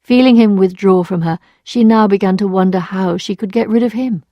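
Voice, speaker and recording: A woman narrating a story in clear, even English for learners. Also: mid-range voice, fairly quick, dry recording, dull audio.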